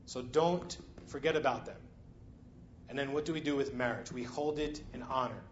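A man's voice: medium pitch, normal speed, highs cut off, a little hiss or hum. A man preaching a sermon in a conversational way, often checking in with the congregation. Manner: conversational, frequent "right?" and "you know".

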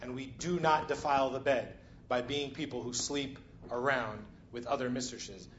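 A man's voice: mid-range voice, steady tone, moderate pace, highs cut off, a little hiss or hum. A man preaching a sermon in a conversational way, often checking in with the congregation. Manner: conversational, frequent "right?" and "you know".

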